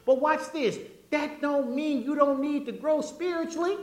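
A pastor preaching a sermon in a church, animated and folksy, calling out to the congregation. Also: high voice, normal speed. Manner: animated, call-and-response preaching; folksy, conversational asides. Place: church sanctuary. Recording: echoey church room.

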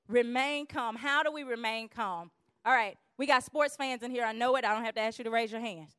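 A woman giving a lively church teaching on conflict, acting out quarrels in quick voices. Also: fairly high pitch, clear, resonant tone, dry recording, studio quality.

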